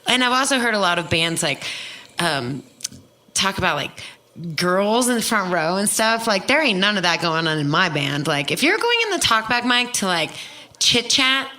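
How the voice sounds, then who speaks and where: A woman hosting a podcast in a casual chat. She is a touring musician, chatty and animated, and laughs often. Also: mid-range voice, normal speed.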